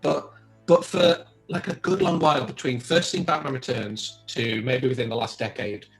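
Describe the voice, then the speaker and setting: A man, chatting about a film in a rambling, animated way with many restarts. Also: mid-range voice, moderate pace, creaky, soft background music. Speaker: podcast co-host. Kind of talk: casual film discussion.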